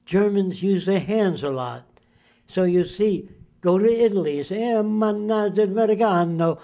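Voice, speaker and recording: Older man, interviewee, lectures with rhetorical questions, somewhat high voice. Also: warm tone. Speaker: interviewee, futurist. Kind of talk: interview monologue.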